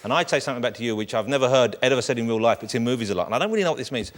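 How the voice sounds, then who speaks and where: Male guest, middle-aged, rapid rambling jokes, lively pitch, loud studio audience. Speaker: talk show guest. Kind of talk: comic studio banter.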